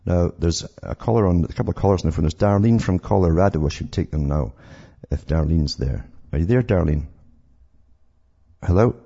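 A very deep, gravelly male radio host rants in an indignant, rambling way, stumbling over repeated words. His husky, mellow voice comes through a dull, lo-fi radio recording. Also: expressive, brisk. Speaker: radio talk show host. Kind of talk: call-in radio commentary.

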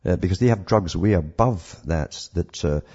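A very deep, gravelly male radio host rants in an indignant, rambling way, stumbling over repeated words. His husky, mellow voice comes through a dull, lo-fi radio recording. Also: normal speed. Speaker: radio talk show host. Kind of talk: call-in radio commentary.

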